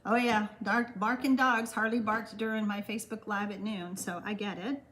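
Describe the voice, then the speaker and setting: A woman's voice: mid-range voice, fairly even intonation, normal speed. An older woman with a Texan accent, hosting a live card-making class, chatting with viewers and reading their comments aloud. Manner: chatty, reads viewer comments aloud and answers them warmly. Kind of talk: live-stream craft class with chat.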